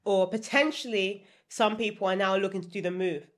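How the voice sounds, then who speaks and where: A woman's voice: medium pitch, brisk. A woman guest on a podcast interview, a property consultant who explains in lists and keeps checking in with "right?". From United Kingdom.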